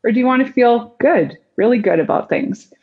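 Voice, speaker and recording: A woman's voice: a little high, a little fast, slightly rough, phone-quality sound. A woman speaking as a guest expert in a conversational interview, telling stories and acting out the voices of people she quotes. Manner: animated storyteller, acts out quoted voices. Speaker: guest expert on body language.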